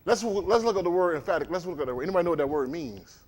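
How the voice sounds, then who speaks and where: Talking very fast in a high-sitting voice, a man preaches over a livestream in a lively, chatty manner. He regularly stops to quiz his congregation.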